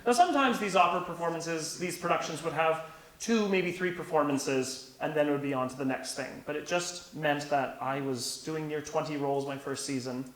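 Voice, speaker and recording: Animated young man in an echoey room. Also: a little high, normal speed. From Canada. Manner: animated storyteller who laughs while telling anecdotes. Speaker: opera singer, interview guest. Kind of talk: conversational interview. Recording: echoey room with faint hiss.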